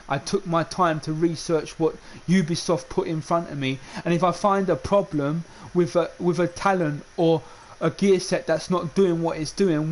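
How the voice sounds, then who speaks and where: A man, a gaming streamer, ranting in a heated, repetitive way and stumbling over his restarts. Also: fairly high pitch. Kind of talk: unscripted ranting monologue.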